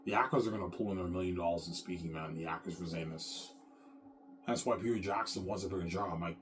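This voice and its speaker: A man's voice: sits low, quick pace, slight background noise. A man in an off-the-cuff monologue, boastful and repetitive, often adding "man".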